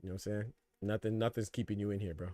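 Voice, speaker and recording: Dude hosting a boxing stream, talks fast, slangy trash talk, dry close mic. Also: male voice, fairly low pitch, fairly even intonation, no room sound. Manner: slangy, trash-talking, laughs loudly. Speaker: boxing podcast host. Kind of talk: casual live-stream chat.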